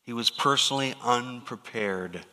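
Male pastor mid-sermon, forceful and bright, pushes key words hard, echoing sanctuary. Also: medium pitch, moderate pace. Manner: emphatic preaching, rising to stressed peaks.

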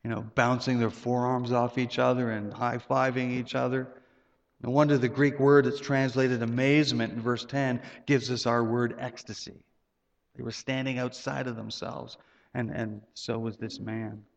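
A man's voice: level tone, normal speed, creaky. Man preaching in a reverberant hall. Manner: conversational preaching with repeated words and sudden rises in pitch. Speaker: pastor. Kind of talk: sermon. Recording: muffled sound with long hall reverb.

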